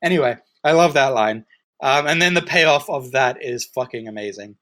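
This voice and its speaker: A man's voice: medium pitch, expressive, moderate pace, a bit bright, dry recording. A man chatting casually as he recaps a film, rambling with many fillers and restarts.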